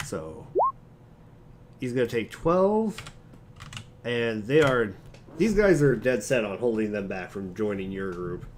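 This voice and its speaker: A man narrating as game master of a tabletop game, calmly explaining rules and reacting with dry remarks. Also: on the low side, slow pace, pauses often, slight background noise.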